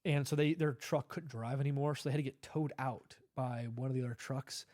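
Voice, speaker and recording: A man's voice: medium pitch, steady tone, brisk, darkish tone, no room sound, clean studio sound. A man telling a long personal story in a casual interview, rambling with fillers and acting out the dialogue. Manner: rambling, many fillers and restarts, acts out quoted dialogue. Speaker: podcast guest, Army veteran.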